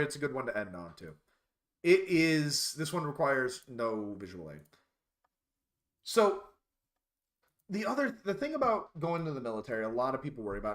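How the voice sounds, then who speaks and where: A man casually telling rambling stories on a live stream, laughing at his own tales. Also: on the high side.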